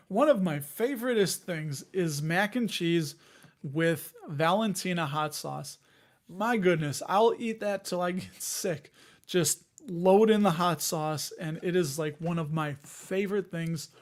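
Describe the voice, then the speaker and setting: A man's voice: high-pitched, a little slow. A man in his forties with a Chicago accent, casually chatting and rambling as host of a live investing stream, joking and answering viewers. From Chicago area, Illinois. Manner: rambling, jokey, laughs often, reads chat aloud.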